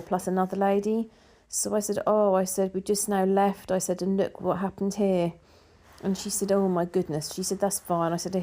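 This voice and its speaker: A woman's voice: mid-range voice, warm tone. A woman telling a story in a casual vlog, chatty and full of quoted dialogue. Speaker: vlogger.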